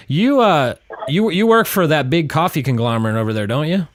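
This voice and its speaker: A man's voice: fairly high pitch, expressive, fairly quick, dry recording. A man hosting a casual podcast, upbeat and joking as he runs the chat. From Pacific Northwest. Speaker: podcast host.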